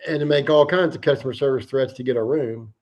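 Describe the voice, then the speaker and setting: A man hosting a livestream, telling a fishing story in a casual, animated and profane way. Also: mid-range voice, quick pace. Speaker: livestream host.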